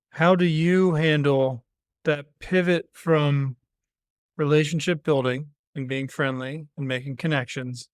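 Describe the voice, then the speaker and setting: American guy hosting a podcast, smooth clear voice, kinda far from the mic, asks long questions. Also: fairly high pitch, no echo, clean studio sound. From United States. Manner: asks drawn-out questions, jokes self-deprecatingly. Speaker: podcast host. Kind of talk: conversational interview.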